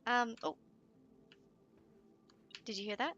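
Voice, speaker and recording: A woman playing through a video game with excitable, giggly commentary. She sits high in her range with a bright, sharp tone. She gasps and coos at the in-game pets and chats freely to her viewers. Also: unhurried, a little hiss or hum. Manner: excitable and giggly, gasping and cooing. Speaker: let's play streamer. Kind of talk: let's play commentary.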